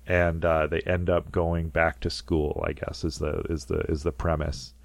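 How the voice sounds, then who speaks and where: A man's voice: extremely low pitch, level tone, normal speed, creaky, no room sound. A man co-hosting a casual podcast, talking through a film scene and acting out quotes in goofy voices. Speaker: podcast co-host.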